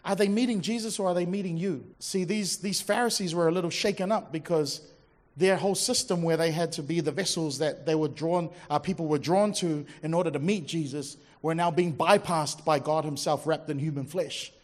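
A man preaching a sermon to a congregation in a conversational, emphatic way, dropping to a quiet, intense voice for quoted words. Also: on the high side, fairly quick. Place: church service before a congregation.

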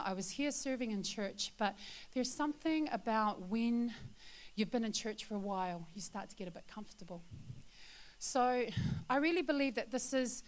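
Woman, church testimony, chatty, fillers, earnest, confiding, mid-pitched voice. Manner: chatty, laughing storyteller with many fillers. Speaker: church volunteer sharing a testimony. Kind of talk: testimony to a congregation.

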